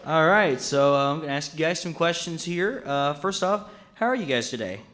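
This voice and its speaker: A man's voice: fairly high pitch, expressive, moderate pace, background noise. A young man interviewing a band for a student radio station, upbeat and enthusiastic, with loose fillers. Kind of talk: casual live interview.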